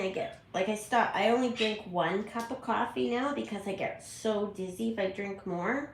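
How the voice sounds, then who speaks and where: Speaking at normal speed with hardly any pauses, a medium-pitched woman chats away on her parrot channel's home livestream, rambling and correcting herself for viewers. The low-quality recording sounds roomy, with slight background noise.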